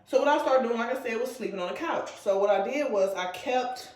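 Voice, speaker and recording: A woman's voice: on the high side, brisk, echoey room, a little hiss or hum. A woman vlogger telling a personal story in a casual, rambling way, full of fillers and restarts. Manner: rambling, filler-heavy retelling.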